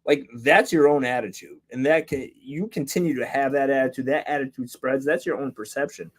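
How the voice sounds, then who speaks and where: A man's voice: mid-range voice, fairly even intonation, a little fast. Man, podcast co-host, casual chat, heated, rambling, profane. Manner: heated, rambling, lots of "like" and swearing.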